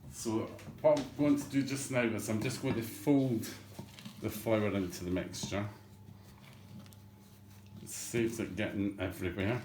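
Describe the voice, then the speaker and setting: A man's voice: fairly low pitch, fairly even intonation, a little slow, long pauses, background noise. A man hosting a home cooking show, talking through a recipe in a rambling, cheeky, self-mocking patter. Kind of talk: chatty cooking demonstration. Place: home kitchen, indoors. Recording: echoey kitchen with clattering dishes.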